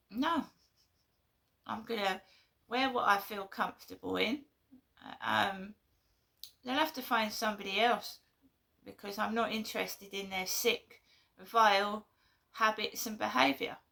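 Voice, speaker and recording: A woman's voice: mid-range voice, slow, creaky, long pauses, sharp tone. A woman vlogging in an indignant, rambling way with many fillers. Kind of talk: casual vlog monologue.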